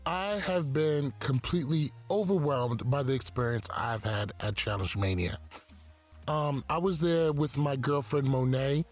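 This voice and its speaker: A man's voice: medium pitch, a little slow, soft background music. A man co-hosting a podcast in casual chat, loose and profane, laughing at his own jokes. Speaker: podcast co-host.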